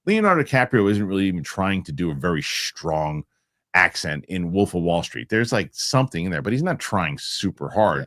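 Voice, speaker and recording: Lively, emphatic male show host. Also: sits low, a little fast. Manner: animated, repeats himself, emphatic. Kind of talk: casual panel chat about films.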